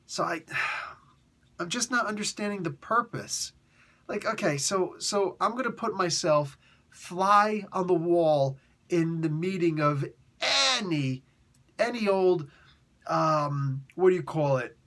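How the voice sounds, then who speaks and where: A male reviewer chatting casually about comics, animated and quick to laugh at what he finds absurd. His voice is bright and forward, and it sits a little higher than most men's. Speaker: comic book reviewer host.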